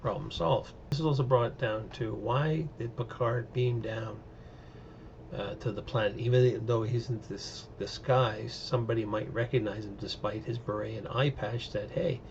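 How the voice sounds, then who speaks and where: A man's voice: medium pitch, fairly even intonation, normal speed, vocal fry, darkish tone, highs cut off, slight background noise. A man giving a casual, opinionated recap and review of TV episodes, rambling with many fillers. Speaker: show reviewer.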